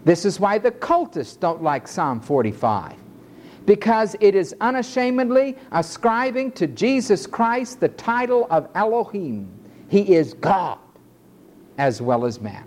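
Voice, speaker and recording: A male preacher delivering an emphatic sermon in a measured cadence, stretching his phrases out. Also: sits high, a little mellow.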